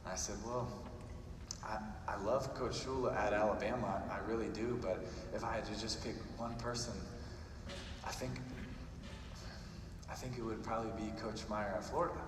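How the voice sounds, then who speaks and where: A man's voice: lowish voice, steady tone, normal speed, long pauses. A man, giving a motivational speech and telling a story that builds to emphatic repetition. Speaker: guest speaker. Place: large arena. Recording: roomy arena echo, distant mic, noisy.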